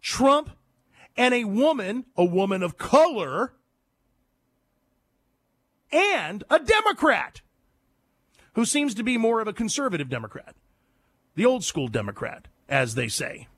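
Animated high-pitched talk radio host man. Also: measured pace, long pauses, dry recording. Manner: animated, sarcastic, jumps between loud and hushed. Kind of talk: opinionated call-in talk radio monologue.

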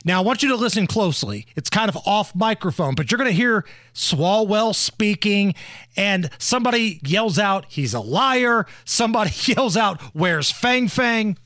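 A male radio host delivers mocking political commentary in a bright, high voice that swings widely in pitch. The sound is dry and close to the mic. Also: moderate pace, dry recording. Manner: sarcastic, animated.

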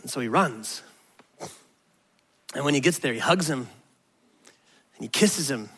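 A man preaching a sermon as pastor, telling the story in an animated, earnest way. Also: medium pitch, measured pace, husky, in a large hall.

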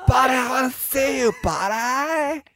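A man doing an impression of a hyper, whiny man calling out to his buddy, in a high strained shout. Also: unhurried, very noisy. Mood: pleading.

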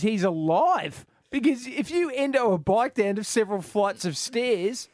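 A man's voice: high voice, lively intonation, measured pace, darkish tone, no room sound. A man with an Australian accent hosting a radio show, joking and telling stories between callers. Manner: jokey, laughing storyteller. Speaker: radio host. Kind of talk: casual radio chat.

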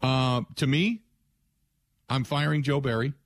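A man's voice: medium pitch, a little slow, no echo, studio quality. A man hosting sports talk radio, delivering a blunt, emphatic opinion monologue with frequent restarts.

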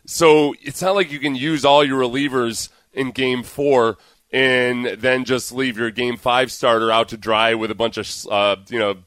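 A man co-hosting sports talk radio, sarcastic and lively. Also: mid-range voice, unhurried, no room sound.

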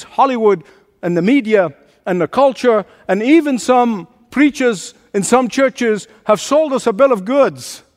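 A man's voice: high-pitched, big-room sound. A man preaching a sermon as pastor, emphatic and repeating his phrases for force.

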